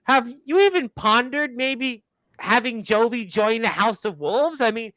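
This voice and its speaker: A man's voice: very high voice, animated, unhurried, pushed and bright, no room sound, rough recording. A man hosting a wrestling talk show, rambling in a folksy way and often repeating his words. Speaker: radio show host.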